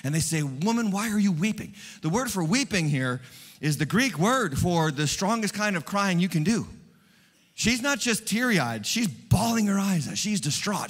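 A man preaching an Easter sermon as pastor, animated and swinging from hushed tones to loud ones. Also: high-pitched, in a large hall. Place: church.

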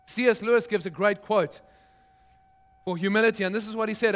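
A man's voice: sits high, steady tone, a little fast, pauses often. A middle-aged man, a pastor, preaching a sermon in a conversational, storytelling way with touches of humor.

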